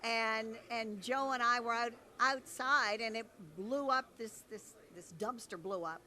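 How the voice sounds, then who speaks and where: A woman's voice: fairly high pitch, a little slow, bright, forceful tone. A woman, a soap opera actor, reminiscing casually and chattily in an interview.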